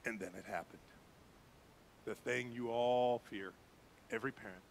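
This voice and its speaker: A man preaching as a pastor, telling a quiet story and building to fervent preaching before leading a prayer. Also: mid-range voice, steady tone, normal speed, slight background noise. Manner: swings from hushed storytelling to rising fervent preaching. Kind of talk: sermon with story and closing prayer. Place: church sanctuary.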